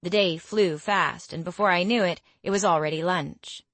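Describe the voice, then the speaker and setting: Young woman narrator, wry and expressive, lowish voice, dry booth sound. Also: moderate pace, no echo. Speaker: audiobook narrator. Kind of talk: first-person scripted narration.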